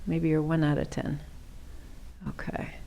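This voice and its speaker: A middle-aged woman leading a seated yoga class, giving gentle, chatty cues and often checking in with "right?". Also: sits low, completely flat delivery, measured pace, gravelly. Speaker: chair yoga instructor.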